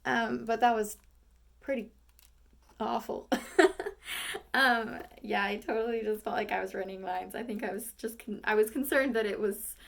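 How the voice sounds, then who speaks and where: A woman's voice: medium pitch, fairly even intonation, moderate pace, gravelly, long pauses. A young woman, an acting student, thinking aloud between rehearsal takes, rambling and self-critical with lots of fillers.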